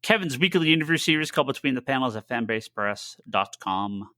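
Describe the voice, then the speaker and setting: A man's voice: medium pitch, expressive, a little fast, sharp tone, no room sound. A man with a Boston accent co-hosting a podcast, talking in a loose, rambling way with plenty of "uh"s and casual swearing. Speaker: podcast co-host. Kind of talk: casual chat.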